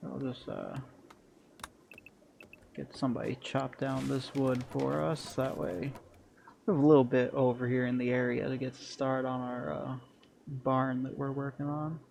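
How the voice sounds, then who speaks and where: A man's voice: mid-range voice, little pitch movement, unhurried, creaky, long pauses, darkish tone, a little hiss or hum. A man streaming a strategy game, muttering through his plans and chatting bluntly to viewers with crude humor. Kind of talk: casual gameplay commentary.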